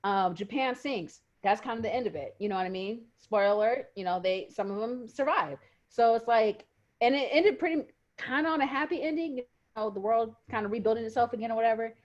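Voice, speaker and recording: A woman co-hosting a podcast in casual chat, telling things in an animated, emotional way over a video call. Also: on the high side, brisk, highs cut off. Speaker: podcast co-host.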